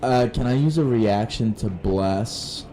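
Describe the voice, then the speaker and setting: A man's voice: fairly low pitch, takes it slowly, over music. A man playing a tabletop game, talking in a laid-back way. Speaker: player. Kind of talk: casual play at the table.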